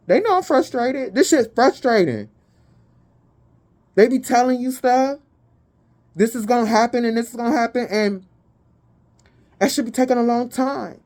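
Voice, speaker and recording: A woman gives a spiritual tarot reading with a warm, mellow tone. She talks in a blunt, emphatic way and swears freely. She reads out lists of keywords slowly and deliberately. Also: on the high side, lively intonation. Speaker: tarot reader.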